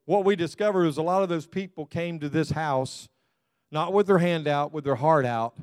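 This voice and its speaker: A man's voice: on the high side, moderate pace, clear, resonant tone, no room sound. A male pastor, preaching a conversational sermon with chuckles and restarts.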